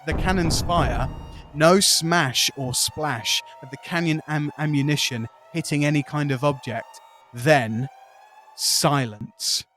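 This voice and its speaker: A man with an English accent narrating as game master, describing the scene with lively detail and frequent laughs. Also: fairly high pitch.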